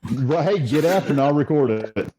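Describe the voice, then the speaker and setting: A man who produces a casual podcast, joking about himself in relaxed banter. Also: fairly high pitch, measured pace, a crowd in the background, poor audio. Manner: self-deprecating joker. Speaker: show producer.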